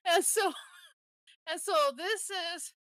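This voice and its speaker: A woman's voice: very high-pitched, steady tone, slow pace, a bit bright, dry recording. A woman co-hosting a podcast, casually retelling a movie's scenes step by step with frequent restarts. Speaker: podcast co-host.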